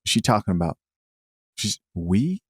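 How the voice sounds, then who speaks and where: Man, host, very deep voice, dry close recording, musing reaction commentary, halting. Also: big pitch swings, breathy edge, no echo. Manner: musing, halting, thinks aloud.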